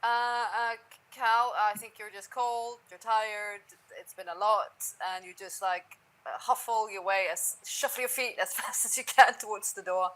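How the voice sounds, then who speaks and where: A woman narrating a tabletop game as game master, sometimes dropping to a soft near-whisper. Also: mid-range voice, fairly even intonation, measured pace, low-quality recording.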